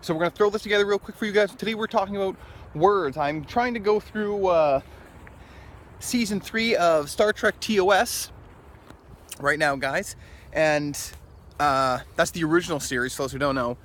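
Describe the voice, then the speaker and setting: A man with a slightly raised pitch rambles through a casual opinion vlog in a loose, opinionated way and chuckles now and then. He is outdoors on a city street, with faint traffic noise behind him. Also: moderate pace, fairly bright tone. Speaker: vlogger.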